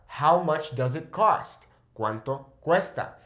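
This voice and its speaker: A man teaching a language lesson, slowly repeating phrases and often checking in with "okay?". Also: fairly high pitch, lively intonation, pushed and bright. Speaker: Spanish teacher. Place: Mexico.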